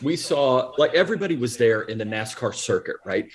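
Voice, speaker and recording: A man co-hosting a podcast, teasing and joking in quick asides. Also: medium pitch, animated. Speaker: podcast co-host. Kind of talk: casual chat.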